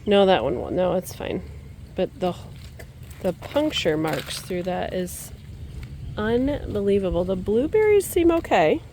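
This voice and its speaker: A woman of middle pitch vlogging outdoors on her homestead with a handheld camera. She chats easily, slips into a high coaxing voice for her birds, and breaks into dismayed exclamations. A faint hiss sits under her voice. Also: big pitch swings, unhurried. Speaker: homesteader filming her farm. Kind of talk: casual vlog commentary. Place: outdoors in a rural yard and garden.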